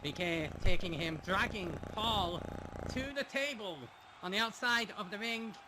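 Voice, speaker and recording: A man calling a wrestling match play by play, dramatic and quick to laugh. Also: sits high, noisy background. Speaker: play-by-play commentator.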